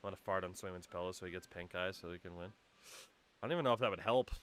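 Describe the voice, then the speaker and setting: A man streaming a baseball video game, chatting casually with wry, profane remarks and sudden loud cheers. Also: deep voice, racing, a crowd in the background. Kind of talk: casual gaming chat.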